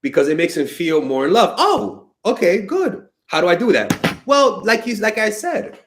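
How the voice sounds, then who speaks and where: Lively, higher-voiced man, emphatic and exasperated, casual dating coach who swears freely. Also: moderate pace, background noise. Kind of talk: casual advice monologue answering viewer questions.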